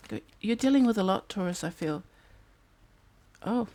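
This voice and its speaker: A woman's voice: medium pitch, animated, normal speed, dark tone. A woman, giving a casual tarot reading and chatting as she muses aloud over the cards. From New Zealand. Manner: chatty, musing aloud, breaks into snatches of song. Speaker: tarot card reader. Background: fan humming in the background.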